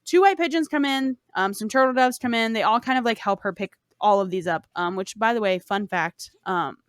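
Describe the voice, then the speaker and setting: A woman's voice: on the high side, brisk, smooth, dry recording, clean studio sound. A woman hosting a podcast, retelling a fairy tale in a casual, profane, rambling way. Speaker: podcast host. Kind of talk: casual storytelling.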